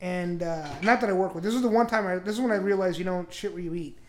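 A man's voice: high-pitched, fast, a little hiss or hum. A man on a podcast telling a crude story in a casual, rambling way, laughing often. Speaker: podcast host.

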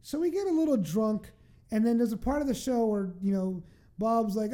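Profane, animated woman storyteller. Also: a little high, fairly quick. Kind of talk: casual storytelling chat.

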